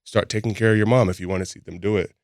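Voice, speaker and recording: Male podcast guest, rapid and candid storyteller, deep voice with a dry studio sound. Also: fairly even intonation, a little mellow, dry recording. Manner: candid, laughs often while telling stories. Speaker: podcast guest, boxing gym founder. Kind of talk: casual storytelling chat.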